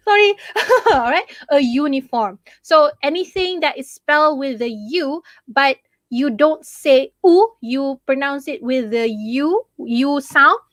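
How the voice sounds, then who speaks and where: A woman's voice: high voice, a bit bright, dry recording. A young Malaysian woman teaching English in a live online class, chatty and mixing in Malay, who keeps checking in with "okay?".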